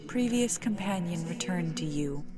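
A woman's voice: fairly low pitch, lively intonation, normal speed, lightly acted. A woman voicing an amused immortal female ruler of the dead in an audio role-play, speaking in a teasing, condescending way with musing hums.

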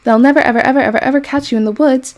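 A woman voicing an excitable, bossy female farm goose who hollers orders and repeats her words. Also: a little high, quick pace, gravelly. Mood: excited urgent.

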